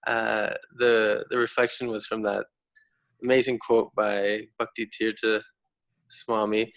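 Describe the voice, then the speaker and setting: A man's voice: on the low side, little pitch movement, unhurried, fairly bright tone, no room sound, poor audio. A man who is a participant in an online program, politely giving a comment on a video call.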